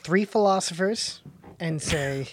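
A man co-hosting a podcast, chatting casually in a deadpan, halting way full of fillers. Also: high-pitched, dry recording. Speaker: podcast co-host. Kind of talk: casual chat.

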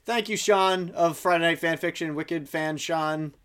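A man's voice: a little high, a little slow, fairly bright tone, clear, resonant tone. A young man co-hosting a podcast in casual chat, upbeat and chatty, laughing often. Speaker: podcast co-host.

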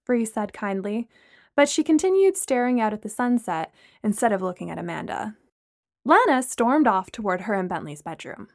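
A woman narrating a story in the first person with an expressive, melodic delivery. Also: a little high, normal speed, no echo, studio quality. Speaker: audiobook narrator.

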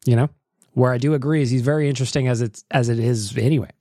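A man's voice: medium pitch, fairly even intonation, fast talker, warm tone, no room sound, studio quality. A man hosting a casual podcast, easygoing and teasing, often laughing as he talks. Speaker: podcast host.

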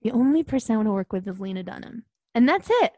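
A woman's voice: mid-range voice, lively intonation, fast talker, a little mellow, no room sound, clean studio sound, natural voice. A woman voicing a self-absorbed, erratic female Hollywood director who talks bluntly and imperiously in an improvised comedy podcast. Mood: brash. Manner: blunt, imperious, abrupt non-sequiturs. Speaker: guest.

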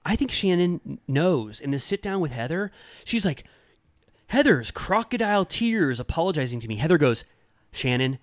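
A man co-hosting a podcast in casual chat, animated and blunt, swearing often and mimicking people in a high voice. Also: moderate pace. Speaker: podcast co-host.

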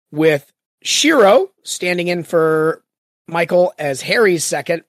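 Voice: mid-range voice, no room sound, studio quality. A podcast host chatting casually in a rambling, jokey way while recapping the story so far. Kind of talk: casual chat.

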